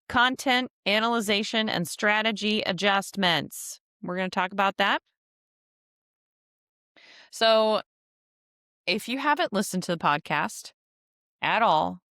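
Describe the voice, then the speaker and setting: A woman's voice: medium pitch, sharp tone, no echo, studio quality. A woman hosting her own podcast, talking in a rambling, chatty, self-deprecating way, her voice nasal and stuffy from allergies. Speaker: podcast host. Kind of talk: casual solo podcast monologue.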